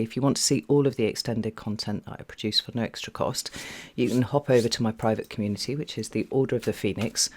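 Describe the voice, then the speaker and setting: A man giving a casual tarot reading, talking in a chatty, meandering way with many fillers and at times dropping to a soft half-whisper. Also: medium pitch. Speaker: tarot reader.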